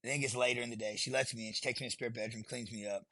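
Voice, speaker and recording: Gravelly, husky veteran man. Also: medium pitch, fairly even intonation, very fast, sharp tone, no room sound. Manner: blunt, profane, rambling. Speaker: podcast guest. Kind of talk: candid storytelling.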